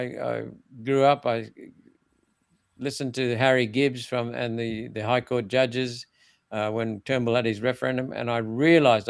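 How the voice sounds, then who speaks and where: A man's voice: medium pitch, gravelly, no room sound. An older man, speaking bluntly and emphatically in an interview, often restarting his phrases. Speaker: former senator interviewed as guest. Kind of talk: political interview talk.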